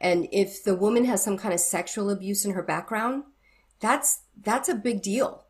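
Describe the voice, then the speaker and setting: A middle-aged woman speaks at medium pitch and normal speed as a guest in a candid interview. She counsels wives, talks frankly and earnestly, and retells conversations by quoting them animatedly.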